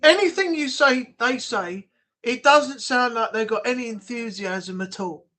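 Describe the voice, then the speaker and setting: A man's voice: extremely high pitch, a little slow, bright, forceful tone. A man from the United Kingdom hosting a casual livestream chat, rambling and blunt. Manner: rambling, chatty, blunt, with frequent restarts. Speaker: livestream host. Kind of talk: casual live chat reading comments.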